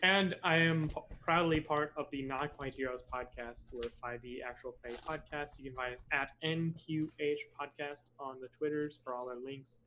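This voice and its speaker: A man's voice: fairly high pitch, fairly even intonation, moderate pace, few pauses, bright, forceful tone, slight background noise, poor audio. A man playing a tabletop role-playing game, talking in an upbeat, chatty way. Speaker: player.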